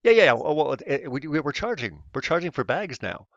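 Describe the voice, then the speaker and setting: A man's voice: fairly high pitch, very animated, fast talker, gravelly, a bit bright, dry recording, full character voice. Man doing a stammering grocery cashier. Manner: stammering, hesitant. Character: hesitant grocery store cashier. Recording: dull lo-fi recording.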